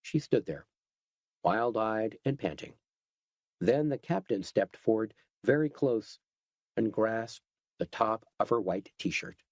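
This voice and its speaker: A man giving steady, scripted narration of a horror audiobook. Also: lowish voice, slow pace, dry recording.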